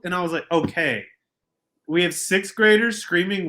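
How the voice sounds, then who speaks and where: A young adult man with a fairly high voice, speaking at normal speed, co-hosts a podcast. He rants in casual sports banter, swinging between quiet asides and loud outbursts.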